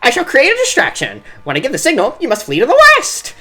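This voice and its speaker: A woman puts on a nerdy young knight with a nasal, self-important tone, pitched well above her own voice. He is smug and devoted, and his lines swing up and down. This is fan voice acting over a game. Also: huge pitch swings, fast talker, sharp tone, husky, exaggerated voice. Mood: earnest. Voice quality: nasal, pompous.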